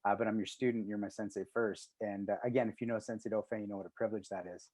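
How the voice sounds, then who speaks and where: A man's voice: fairly low pitch, little pitch movement, racing, darkish tone, no room sound. A middle-aged man co-hosting a martial arts talk show over a video call, earnest and rambling, swearing freely. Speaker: podcast co-host. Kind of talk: casual chat.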